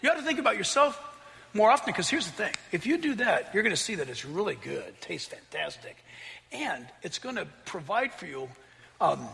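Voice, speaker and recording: A man's voice: sits high, gravelly, bright, forceful tone, in a large hall, full character voice. A man voicing Satan speaking through a sly serpent, talking in a casual, coaxing, slangy way. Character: sly tempting serpent voiced by Satan, male.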